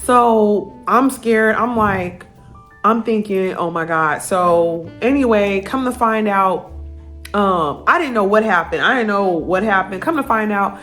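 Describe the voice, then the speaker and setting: An adult woman, telling a personal story to camera in a candid, profane, lively way. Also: medium pitch, measured pace, faint music behind. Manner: candid, profane, animated retelling. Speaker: vlogger.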